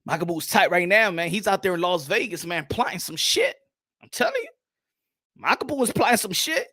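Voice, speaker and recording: A man chatting casually as a boxing commentator, profane and laughing, with low, quieter asides. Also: sing-song, a little fast. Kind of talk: casual comedic chat.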